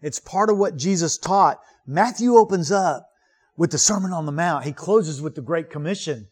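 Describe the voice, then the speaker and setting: A man's voice: a little high, lively intonation, moderate pace, breathy edge. A man preaching a sermon as pastor, earnest and emphatic, asking rhetorical questions and repeating key words.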